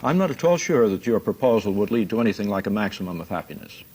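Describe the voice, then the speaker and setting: A man in an archival televised debate, arguing a moral point in a measured, reasoning way. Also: lowish voice, big pitch swings, a little mellow, breathy edge. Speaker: debate guest.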